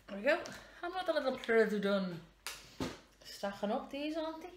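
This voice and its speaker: A woman's voice: on the high side, lively intonation, a little fast. A woman in her thirties, chatting casually and rambling in a self-mocking way as a vlogger while wrapping presents at home. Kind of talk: casual vlog chat. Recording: echoey room with clear background noise.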